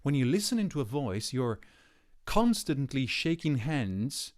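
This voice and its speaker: A man who gives voice workshops, explaining a concept in a reflective, emphatic way, slowing down and speeding up to stress his points. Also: medium pitch, sing-song, a little mellow. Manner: reflective, emphatic, with varied pace and pauses. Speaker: voice coach. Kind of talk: explanatory talk to camera.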